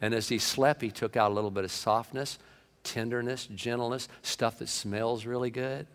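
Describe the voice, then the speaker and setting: A man preaching a sermon in a lively manner, acting out comic quotes and voices. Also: medium pitch, normal speed, clean tone. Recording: long hall reverb.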